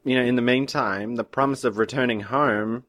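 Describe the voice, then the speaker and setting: A man co-hosting a podcast, talking through an episode's plot in a steady, casual way. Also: mid-range voice, normal speed, no echo. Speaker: podcast co-host. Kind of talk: casual recap chat.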